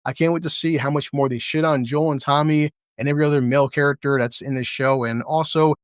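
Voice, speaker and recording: A man's voice: a little high, steady tone, clean tone, no room sound, studio quality. A man giving a crude, sarcastic casual review of a TV episode, sometimes slipping into mocking character voices. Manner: impersonates characters in quick asides. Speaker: TV show reviewer.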